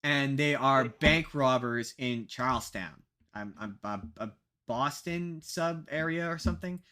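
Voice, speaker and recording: A man's voice: medium pitch, a little slow, bright, forceful tone. A young man co-hosting a casual podcast, rambling and poking fun at himself, with lots of fillers and restarts. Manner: rambling, self-mocking, many fillers and restarts. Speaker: podcast co-host.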